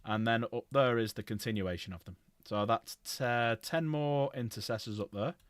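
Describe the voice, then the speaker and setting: A man's voice: mid-range voice, normal speed, no room sound, clean studio sound. Rambling man streaming. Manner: rambling, self-correcting, lists items aloud. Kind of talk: casual livestream chat.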